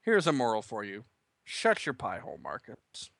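A man's voice: fairly low pitch, wildly swooping pitch, normal speed, vocal fry, a bit bright, slight background noise, pitched below the performer's own voice, heavily acted. A man voicing a weary farm mother who makes dry, sarcastic jabs at her husband. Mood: sardonic.

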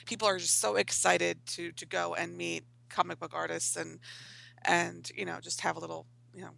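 A woman's voice: fairly low pitch, level tone, normal speed, creaky, bright, forceful tone, rough recording. A woman comic artist chatting casually on a panel, rambling and self-mocking, with the odd swear.

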